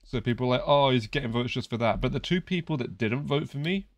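A young man with a British accent talks loosely with friends over a game. He teases, jokes and curses often. His pitch sits in the middle for a man. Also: fast talker, no echo. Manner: teasing, swears freely. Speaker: streamer. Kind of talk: casual gaming chat.

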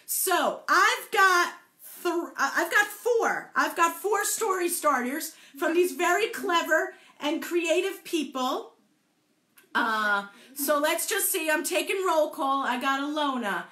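A woman's voice: sits high, animated, takes it slowly, bright, forceful tone, reverberant. A playful woman leading a live group storytelling session, encouraging her participants and joking about tongue twisters. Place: indoor room, also streamed to Facebook.

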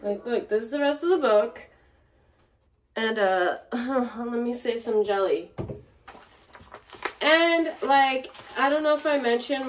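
Angry young woman venting, lots of swearing. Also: mid-range voice. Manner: angry, swearing, filler-heavy. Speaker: vlogger. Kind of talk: casual venting vlog. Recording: audible background noise.

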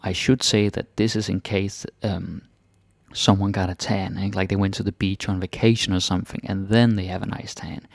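Male language teacher, low and gravelly, relaxed chatty delivery, dry close recording. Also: no echo. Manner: relaxed, chatty, repeats phrases slowly then fast. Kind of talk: casual language lesson.

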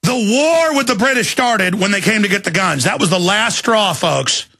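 Gravelly raspy man ranting on radio. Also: high voice, animated. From Texas. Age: 30s. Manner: angry, shouting, rapid tirades. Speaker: radio host. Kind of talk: ranting talk radio monologue.

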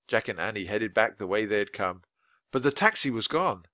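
A man reading a children's chapter book aloud for English learners, in clear, expressive storytelling. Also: fairly low pitch, normal speed, no echo. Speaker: audiobook reader.

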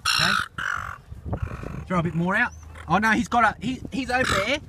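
A man giving excitable running commentary on camera while feeding birds outdoors, often exclaiming and repeating himself. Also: high-pitched, moderate pace. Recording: noisy outdoor recording with birds.

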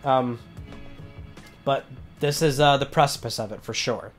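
A young man from Western New York with a Western New York accent, hosting a weekly gaming news show in a chatty, upbeat way with lively asides. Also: medium pitch, measured pace, long pauses, soft background music. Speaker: host.

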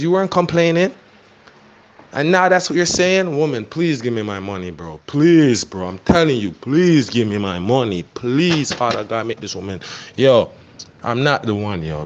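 A man's voice: medium pitch, highs cut off. A man, a photographer, ranting insistently and pleading over and over in a voice note. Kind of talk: heated voice-note rant.

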